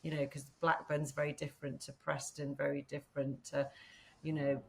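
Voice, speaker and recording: A woman from northern England chats as a podcast guest, her low voice carrying a gravelly fry. She rambles a little, filling pauses with "um" and "you know". A faint hiss of noise sits under the recording. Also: level tone. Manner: chatty, rambling, with frequent fillers and laughs. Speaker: podcast guest, company founder. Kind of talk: casual conversational interview.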